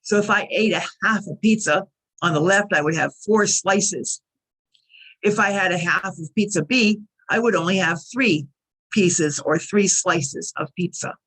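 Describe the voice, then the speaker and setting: A woman teaching English to learners, speaking slowly and carefully and spelling out each number and abbreviation. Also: lowish voice, a bit bright, poor audio. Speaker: ESL teacher. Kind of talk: recorded lesson recap.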